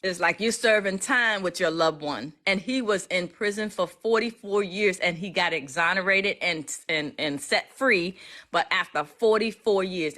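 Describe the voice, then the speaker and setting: A woman's voice: mid-range voice, fairly bright tone. A woman speaking, casually chatting to her followers on a livestream, emotional and full of restarts. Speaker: legal educator streaming live.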